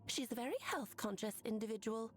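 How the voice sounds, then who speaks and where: A woman's voice: a little high, fairly quick, noisy background, close to an everyday voice. An actress voicing a cheerful, motherly young woman companion in a video game, chatty and doting. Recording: game audio with music behind.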